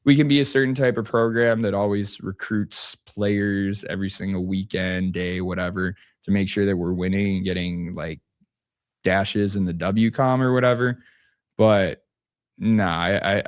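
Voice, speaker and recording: A young man with a very low, deep voice talks in a laid-back, easygoing way. His speech rambles and keeps restarting mid-sentence, like casual podcast chat. The sound is dry and close, with no room in it. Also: normal speed, dry recording. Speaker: basketball coach guest.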